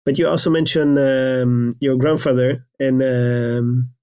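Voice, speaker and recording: A man's voice: medium pitch, steady tone, takes it slowly, a little mellow, clear, resonant tone. A man hosting a podcast interview, asking questions hesitantly with many fillers. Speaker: podcast host.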